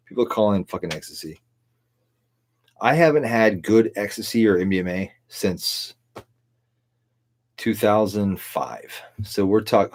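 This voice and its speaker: A man's voice: low-pitched, darkish tone. A middle-aged man hosting a livestream, a tipsy, rambling and profane monologue with frequent laughter. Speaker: livestream host.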